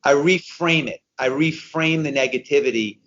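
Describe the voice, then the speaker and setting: A man in his fifties, slightly high-voiced and a bit bright, speaks at a moderate pace as a guest on a podcast interview. He tells stories energetically, repeating phrases for emphasis. The recording sounds muffled.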